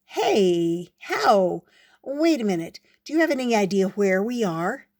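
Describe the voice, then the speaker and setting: A woman voicing a mean, short-tempered male ant who yells and snaps in exasperation. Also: medium pitch, big pitch swings, unhurried. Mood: angry, exasperated. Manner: yelling, exasperated.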